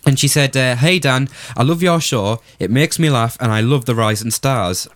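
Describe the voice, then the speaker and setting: A man's voice: medium pitch, normal speed, a little hiss or hum. A man with a Geordie accent hosting a radio show in a studio, reading out listener messages with jokey, teasing banter. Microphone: studio microphone.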